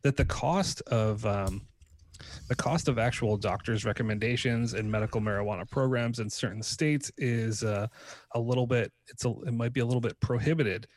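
A man's voice: mid-range voice, moderate pace, a little hiss or hum. A man co-hosting a casual podcast chat, talking in a rambling way with many fillers and restarts. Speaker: podcast co-host.

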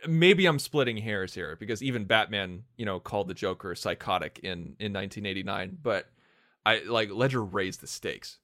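A man's voice: on the low side, lively intonation, normal speed, a bit bright, dry recording, clean studio sound. Enthusiastic man in podcast chat. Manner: enthusiastic, heavy on "like" and "you know". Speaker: podcast co-host. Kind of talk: casual podcast discussion.

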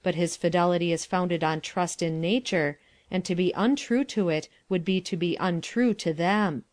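A woman's voice: on the low side, moderate pace, darkish tone, no room sound. A woman reading stage directions aloud in a plain, matter-of-fact audiobook manner.

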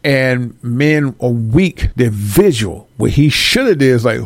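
Gravelly-voiced man ranting bluntly. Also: mid-range voice, measured pace, hardly any pauses, no room sound, clean studio sound. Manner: blunt, preachy, animated, swearing. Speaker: vlogger. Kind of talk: ranting commentary to viewers.

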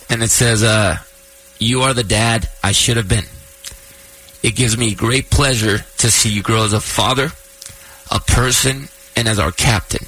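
Man in his thirties, bright tone, slightly husky, casual storytelling, emotional, laughing through tears, radio host. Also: medium pitch, takes it slowly, long pauses, poor audio.

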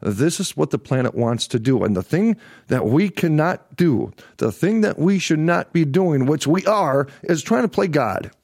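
A middle-aged livestream host with a slightly high, expressive voice and a darkish tone rants angrily about politics at a normal speed. He swears and repeats lines for emphasis, and the studio recording is clean and echo-free.

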